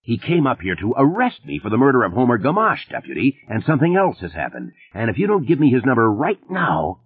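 A man's voice: medium pitch, wildly swooping pitch, a little fast, slightly rough, no echo, voice pushed up. A man voicing a panicked writer who speaks in an urgent, pleading way. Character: panicked middle-aged male writer, urgent. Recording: narrow phone-like band.

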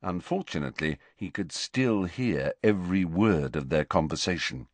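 Male audiobook reader, low and animated, dry close sound. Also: moderate pace, no room sound. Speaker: audiobook narrator. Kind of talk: audiobook narration.

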